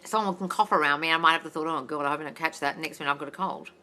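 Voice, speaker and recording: An Australian mindset coach runs a casual live Q&A over a phone livestream, answering comments loudly and bluntly and swearing freely. Her voice is deep yet bright and forceful, with a brisk, no-nonsense delivery.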